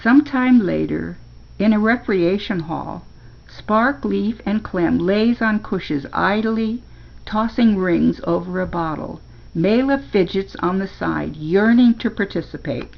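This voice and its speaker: An older woman reading a children's story aloud, slowly and gently, as a storyteller. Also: medium pitch, creaky, highs cut off.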